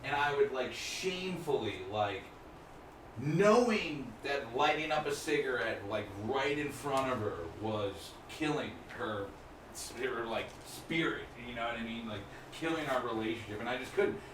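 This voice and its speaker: A man's voice: medium pitch, expressive, normal speed. A man speaking candidly and reflectively in a casual group discussion, swearing freely. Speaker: group therapy participant. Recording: roomy sound from a distant mic with faint noise.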